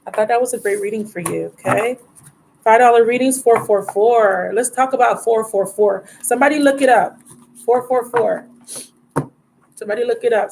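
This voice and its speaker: A woman's voice: on the high side, creaky, a little mellow, a little hiss or hum, low-quality recording. A woman hosting a live tarot reading stream in a casual, affectionate way, calling viewers baby and love.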